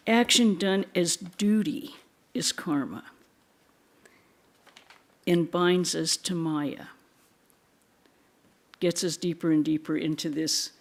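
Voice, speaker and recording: A woman giving a spiritual talk in a temple, telling stories gently, with soft laughs and quiet asides. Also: on the low side. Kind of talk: sermon.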